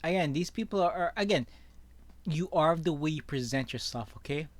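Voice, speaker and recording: With a voice on the high side and plenty of expression, a man reads news stories and offers his opinionated take, regularly adding "okay?" to his sentences. The online commentator keeps a moderate pace, and there is no room sound.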